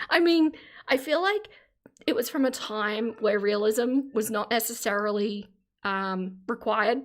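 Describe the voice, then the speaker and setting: A woman's voice: a little high, slow. A middle-aged Australian woman chatting casually on a live stream, reading out chat comments and laughing often.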